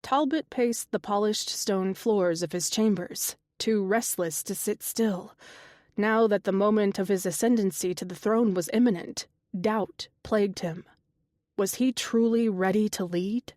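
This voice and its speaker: A woman narrating a fantasy romance audiobook in a steady, measured reading style. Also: medium pitch, dry recording, clean studio sound. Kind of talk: scripted narration.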